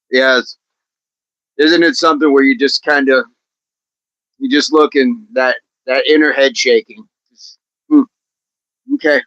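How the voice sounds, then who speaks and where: A man's voice: mid-range voice, steady tone, slow pace, long pauses, fairly bright tone, no room sound, lo-fi sound. A middle-aged man hosting a livestream, chatting casually, reading viewers' comments, laughing often and repeating phrases playfully. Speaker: livestream host.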